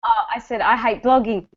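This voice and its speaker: High-voiced woman on a lo-fi call. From Australia. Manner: laughs often, unsure if heard. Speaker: course participant. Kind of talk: casual chat on a call. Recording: distant lo-fi call audio.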